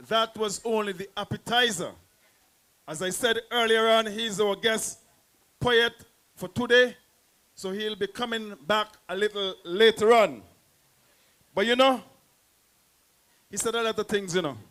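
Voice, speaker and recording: Festival MC, man, bright and high-ish voice, chatty and explanatory. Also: measured pace, pauses often. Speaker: festival emcee. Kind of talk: stage announcing.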